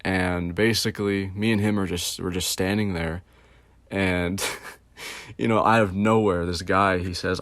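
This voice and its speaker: A young man with a low voice tells a rambling, profane story, stuffing his sentences with filler words. The sound is close and dry, with no room echo. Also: steady tone, a little slow, fairly bright tone. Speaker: host. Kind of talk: casual storytelling.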